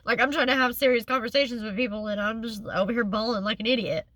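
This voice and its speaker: Woman, candid vlog, bright tense voice, earnest rambling, lots of fillers. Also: on the high side, fairly even intonation, fast talker, no room sound. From Oklahoma. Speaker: vlogger.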